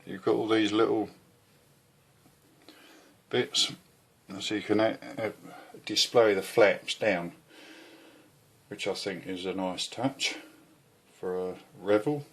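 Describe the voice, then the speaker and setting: At home, a man with a lowish, breathy-edged voice reviews a model kit slowly, leaving long pauses. He rambles chattily, sounds a bit out of breath, swears occasionally, and keeps losing his thread.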